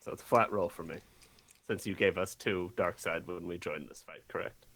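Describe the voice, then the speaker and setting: A young man playing a tabletop game, casual and joking, answering quickly. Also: sits low, steady tone, a bit bright, no echo. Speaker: player.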